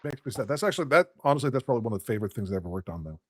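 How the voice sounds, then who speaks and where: A man's voice: mid-range voice, lively intonation, very fast. A man with a smoker's voice, chatting animatedly as a guest on a podcast. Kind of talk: casual podcast chat.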